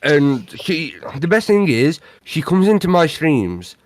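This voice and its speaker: A man's voice: on the high side, big pitch swings, takes it slowly, dry recording, clean studio sound. A young British man co-hosting a podcast in casual chat, blunt and teasing, swearing freely. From Britain. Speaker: podcast co-host.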